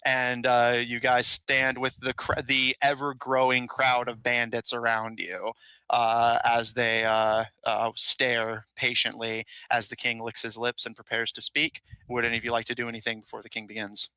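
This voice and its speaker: Male game master, very bright voice, dry close sound, casual narration full of "uh"s. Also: medium pitch, flat delivery, normal speed, clean tone, dry recording, rough recording. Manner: casual, filler-heavy narration with frequent "uh"s.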